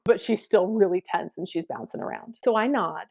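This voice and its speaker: Calm woman telling a lesson story. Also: mid-range voice, normal speed, gravelly, husky, no echo, clean studio sound. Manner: calm, reflective, explanatory. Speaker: piano teacher. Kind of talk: storytelling anecdote.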